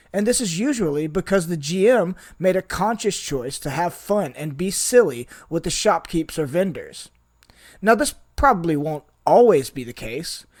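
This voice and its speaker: Excited guy doing his podcast intro, kinda high voice, really bouncy and lively. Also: no echo, studio quality. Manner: upbeat, enthusiastic, chatty. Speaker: podcast host.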